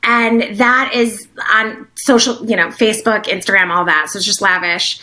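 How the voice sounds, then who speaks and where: A woman business coach talking as a guest in a casual interview, excitable and fast-flowing with lots of "like" fillers. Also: mid-range voice.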